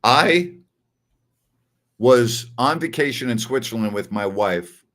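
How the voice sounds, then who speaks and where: A man's voice: mid-range voice, expressive, takes it slowly, fairly bright tone. An older man hosting a sports talk show, chatting casually and telling stories while repeating phrases for emphasis. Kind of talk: casual live-stream chat.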